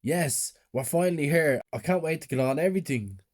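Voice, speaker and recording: A man's voice: medium pitch, lively intonation, moderate pace, dark tone, voice pushed up, close to an everyday voice. A man voicing a bullied boy who pleads with his family, his voice raised and strained. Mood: pleading.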